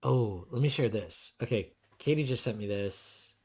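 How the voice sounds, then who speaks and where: A man's voice: on the low side, lively intonation, moderate pace, darkish tone, husky. A man co-hosting a podcast in casual chat, making blunt, sarcastic remarks. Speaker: podcast co-host.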